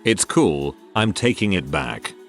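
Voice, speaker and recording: Low-voiced man reading stories. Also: big pitch swings, slow. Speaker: narrator reading Reddit stories. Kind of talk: scripted narration. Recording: faint music bed behind voice.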